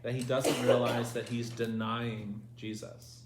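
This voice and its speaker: A man's voice: mid-range voice, flat delivery, a little slow. A man leading a Bible study lesson, asking his group questions and reading scripture aloud. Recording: echoey room with faint noise.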